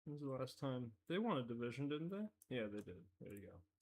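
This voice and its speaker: A man's voice: medium pitch, big pitch swings, brisk, darkish tone. A man hosting a casual live stream, talking loosely as he goes, often breaking off mid-sentence and chuckling at his own asides. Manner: rambling, self-interrupting, easily amused.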